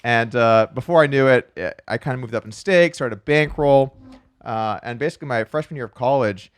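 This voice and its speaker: Fast-talking man, chatty storyteller. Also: mid-range voice, clear, resonant tone, no room sound. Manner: quick, chatty storyteller with frequent restarts and "like"; acts out quoted voices in his anecdotes. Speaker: podcast guest, professional poker player. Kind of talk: casual storytelling interview.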